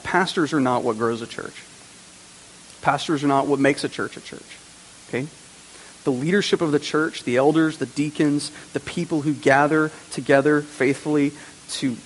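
A man preaching a sermon to his congregation, earnest, with repeated phrases and rhetorical questions. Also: fairly high pitch. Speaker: pastor. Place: church sanctuary. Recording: long reverb, faint hiss.

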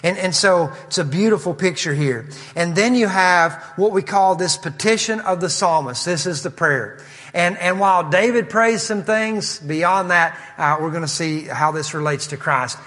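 A man's voice: sits high, moderate pace, a bit bright. A man preaching an expository sermon, reading scripture quotes in an earnest, emphatic way. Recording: long hall reverb.

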